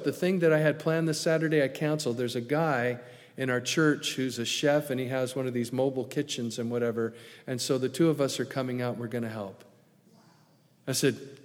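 A middle-aged male pastor preaches in an easy, folksy way, drifting into asides. His voice sits at an ordinary middle pitch. A long reverb from the church hall trails each phrase. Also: brisk, darkish tone. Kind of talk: sermon.

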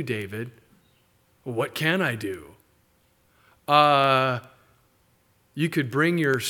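A middle-aged man preaching a sermon, animated, slipping into quick mock voices for the people in the story. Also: fairly high pitch. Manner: animated preaching, mimics characters in asides. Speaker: pastor.

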